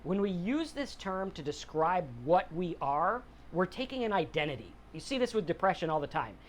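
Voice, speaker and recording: A man's voice: high voice, big pitch swings, moderate pace, a little hiss or hum. A middle-aged man hosting a podcast, talking casually and plainly about mental health and sobriety. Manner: conversational, acts out quotes in other voices. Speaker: podcast host. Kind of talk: casual motivational talk on sobriety.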